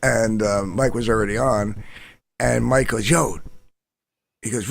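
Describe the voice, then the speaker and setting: A man's voice: steady tone, normal speed, vocal fry, long pauses. A man telling a long, rambling story in casual, profane chat, often quoting others. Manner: rambling, profane, quotes others in lowered voices.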